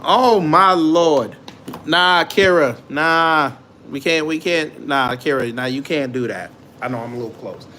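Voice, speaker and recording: A man's voice: medium pitch, moderate pace, few pauses, sharp tone, a little hiss or hum. A man hosting a casual reaction commentary show, joking and mocking the clips he plays, and often breaking into laughter. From immigrant to the United States.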